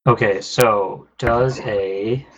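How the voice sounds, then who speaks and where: A man's voice: fairly low pitch, steady tone, extremely slow, a bit bright, highs cut off. A man acting as game master in a tabletop game, calling rolls and enemy moves in a matter-of-fact way. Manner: matter-of-fact rules calls.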